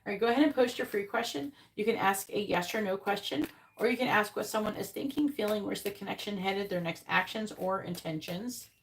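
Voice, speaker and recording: Woman tarot reader on a live stream, blunt and chatty, mid-pitched voice over a faint hiss. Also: a little fast, hardly any pauses, rough recording. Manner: casual and blunt, swears, repeats questions to the cards.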